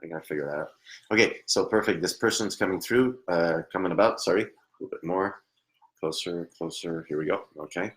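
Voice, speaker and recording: Low-voiced guy doing live psychic readings, hesitant, says sorry a lot, laughs, trails off quietly. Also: a little fast. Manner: hesitant, apologetic, laughs often, trails into murmurs. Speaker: psychic medium. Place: at home at a computer.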